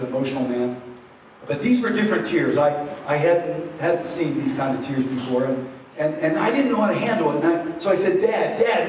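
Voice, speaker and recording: A man's voice: on the high side, darkish tone, slight background noise. Earnest man speaking in an echoey hall. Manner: earnest, many asides and "you know"s. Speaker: presenter. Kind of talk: conversational storytelling talk. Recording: echoey hall, distant dull mic.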